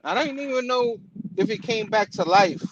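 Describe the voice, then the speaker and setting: A man hosting a casual comic-book chat show, animated and laughing often, with a habit of saying "you know what I'm saying.". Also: high-pitched, normal speed, lo-fi sound. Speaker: podcast host. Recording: noisy background.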